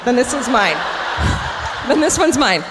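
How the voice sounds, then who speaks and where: An American woman co-hosting a live comedy podcast, animated, swearing and teasing the crowd. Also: fairly high pitch, a little slow. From United States. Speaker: podcast co-host. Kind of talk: live comedic banter on stage. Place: large concert hall with live audience. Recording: hall reverb, faint crowd noise.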